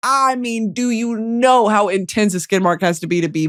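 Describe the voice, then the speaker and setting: Animated, foul-mouthed woman podcast host. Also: unhurried, hardly any pauses. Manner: animated, profane, swings between loud outbursts and low mutters. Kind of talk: casual comedic monologue.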